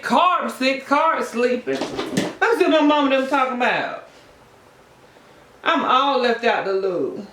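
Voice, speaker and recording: A woman, chatting to viewers in a sassy, animated, gossipy way while eating on camera. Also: high-pitched, measured pace, pauses often, a little hiss or hum. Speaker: mukbang vlogger. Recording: echoey room.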